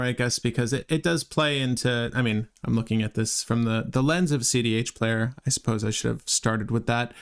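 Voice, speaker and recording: A man's voice: mid-range voice, clean tone. A man co-hosting a live card-game tier-list stream, talking casually, often restarting his sentences and turning to the audience. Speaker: co-host ranking game cards on a livestream.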